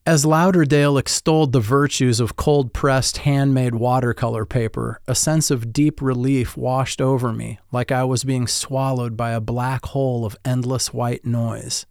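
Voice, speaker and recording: A man's voice: mid-range voice, fairly even intonation, unhurried, few pauses, darkish tone, clear, resonant tone, no room sound, clean studio sound. A man giving scripted first-person narration of a story in a reflective, wry manner.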